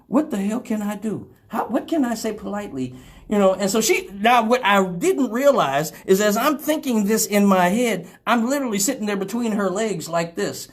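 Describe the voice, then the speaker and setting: Animated, profane male storyteller. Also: normal speed. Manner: animated, profane, swings from loud exclamations to low mutters. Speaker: radio show host. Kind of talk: casual storytelling to a live audience.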